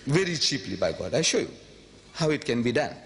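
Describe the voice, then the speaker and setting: A man giving a public lecture to an audience, emphatic and rhetorical, repeating phrases and swinging from quiet asides to sudden high outbursts. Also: big pitch swings, fairly quick. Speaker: public speaker. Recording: long hall reverb, faint background noise.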